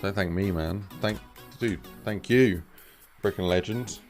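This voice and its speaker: A man's voice: deep voice, unhurried, darkish tone, soft background music. A young man who streams game mod development, chatting casually and rambling with lots of fillers. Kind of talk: casual live-stream chat.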